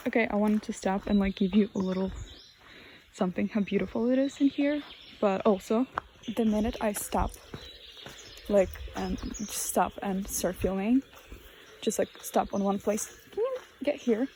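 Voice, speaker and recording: 18-year-old woman, rambling solo vlogger on a handheld phone, soft faint birdsong behind. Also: mid-range voice, normal speed, long pauses, a little hiss or hum. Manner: rambling, hesitant, drops to a whisper at times. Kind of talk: casual chat. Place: outdoors in a forest.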